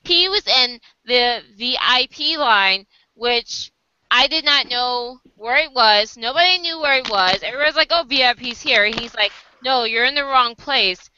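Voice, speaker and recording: A woman's voice: on the high side, lively intonation, unhurried, sharp tone, clean tone, no echo, highs cut off. An American woman casually telling a story to camera, acting out other people's lines and laughing often. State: sleep deprived. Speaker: vlogger.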